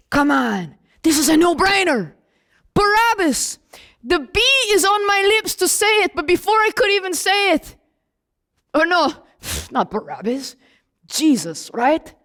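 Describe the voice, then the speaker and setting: A woman's voice: high voice, sing-song, measured pace, fairly bright tone, exaggerated voice. A woman playing an indignant young apostle. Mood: incredulous. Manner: emphatic and indignant, talks straight to the listener. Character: young apostle John, a man, grieving and indignant. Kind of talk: dramatic first-person monologue.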